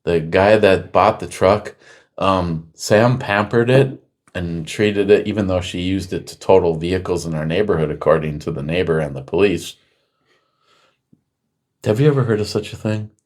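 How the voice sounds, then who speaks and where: A middle-aged man hosting a casual chat show, rambling through stories and loudly acting out what people said. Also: sits low, moderate pace. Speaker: podcast host.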